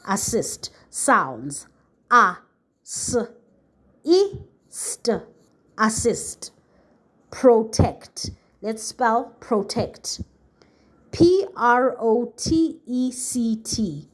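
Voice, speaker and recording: A woman teacher dictating spelling words at an unhurried pace, pronouncing each letter clearly and patiently. Her voice rises and falls in a lively, sing-song way as she sounds words out for young learners. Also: fairly high pitch. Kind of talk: spelling lesson, slow dictation.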